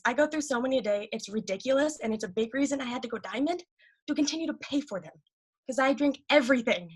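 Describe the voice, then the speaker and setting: Bubbly fast-talking woman on a call. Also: fairly high pitch. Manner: excited, rapid, gushing. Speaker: team member sharing sales tips. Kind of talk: casual chat on a video call.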